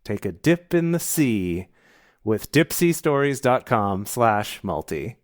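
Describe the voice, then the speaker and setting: A man reads sponsor offers and promo codes on a podcast at an everyday middle pitch. His delivery is brisk with a wry touch. The sound is close and dry. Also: big pitch swings, no room sound. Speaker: podcast co-host.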